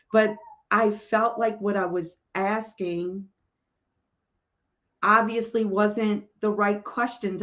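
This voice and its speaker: A woman's voice: medium pitch, dull audio. A woman, a spiritual medium, telling a personal story in a casual, rambling way, full of "you know" and "like".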